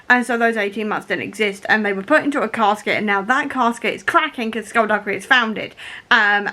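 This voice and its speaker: A woman's voice: a little high, a bit bright. A young woman talking in a casual reading vlog, emotional and laughing through tears as she reacts to a book. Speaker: book vlogger.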